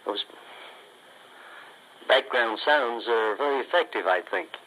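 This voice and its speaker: A man speaking calmly and courteously in a recorded letter. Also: mid-range voice, slow pace, slight background noise, poor audio.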